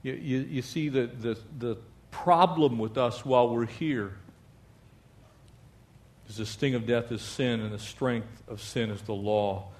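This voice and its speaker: A male pastor preaching a lively sermon, asking the congregation for amens and mixing in jokes. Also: medium pitch, unhurried.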